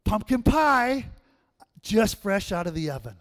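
A man voicing a doting old grandmother who coaxes her grandson in a high falsetto. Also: big pitch swings, measured pace, a bit bright, big-room sound, exaggerated voice. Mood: coaxing.

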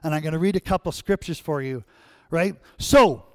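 A man's voice: fairly high pitch, moderate pace, darkish tone, smooth, dry recording. A man preaching a sermon as pastor, conversational, checking in with "right?" and "amen?".

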